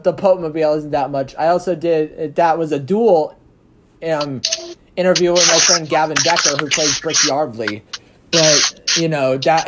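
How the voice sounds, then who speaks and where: A rambling, chatty interviewer who keeps restarting sentences and wanders between topics. The voice sits at an ordinary middle pitch, and a steady hiss runs clearly under the recording. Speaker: host and interviewer of a fan production. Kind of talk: casual interview chat. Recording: noisy background hiss.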